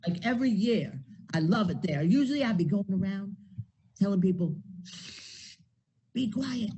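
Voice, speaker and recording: A woman playing an exuberant, folksy local woman who gushes in slangy, loud speech over a video call. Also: medium pitch, expressive, normal speed, slightly rough. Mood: gushing.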